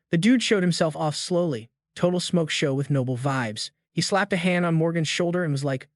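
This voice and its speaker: A man's voice: fairly high pitch, animated, moderate pace, few pauses, dry recording, clean studio sound. A man narrating a comic recap in a casual, slang-heavy way.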